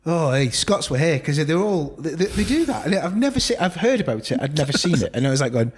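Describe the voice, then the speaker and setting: A man's voice: fairly high pitch, very animated, fast talker, husky. A man co-hosting a casual chat, telling anecdotes and acting out other people's quotes in raised voices. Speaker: podcast co-host. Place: indoor room with co-hosts.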